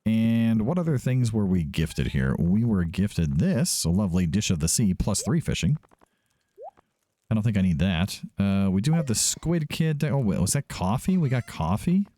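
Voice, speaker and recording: A low, mellow-voiced man talks through his game in a relaxed, rambling way. He thinks aloud and often corrects himself mid-sentence. His pitch swings widely as he chats. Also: normal speed, a little hiss or hum. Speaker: let's play host. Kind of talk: casual gameplay commentary.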